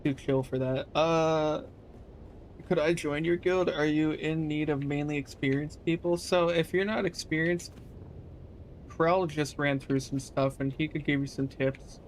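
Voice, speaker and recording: A man's voice: a little high, fairly even intonation, measured pace, slight background noise. A young man casually chatting to his viewers during a live game stream, loose and profane, answering chat questions. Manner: laid-back, swears casually, talks to chat.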